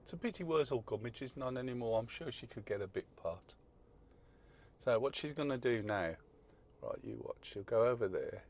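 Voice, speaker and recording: A middle-aged man keeps up a dry, teasing commentary, his voice sitting fairly low. He talks to camera from inside a car, and faint vehicle noise hums in the background. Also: normal speed, a little mellow. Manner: wry, teasing running commentary. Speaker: vlogger.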